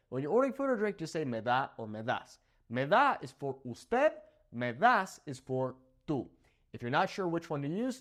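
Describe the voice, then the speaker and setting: Lively young man teaching slang. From Southern California. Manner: animated, jumps between high emphatic words and low asides. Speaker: Spanish teacher. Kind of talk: energetic vocabulary lesson to camera.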